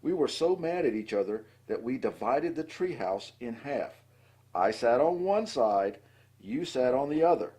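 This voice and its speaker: A gentle little girl bear cub in a storybook, read by a man, husky and calm. Her lines rise and fall with a lively lilt. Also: mid-range voice.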